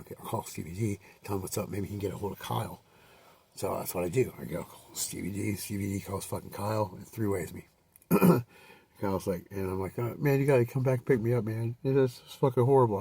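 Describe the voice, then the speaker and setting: A man with a husky, gravelly, somewhat low voice tells a rambling personal story, cursing constantly and restarting his sentences. He sits a little back from the microphone. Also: darkish tone, distant mic. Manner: rambling, profane, many fillers and restarts.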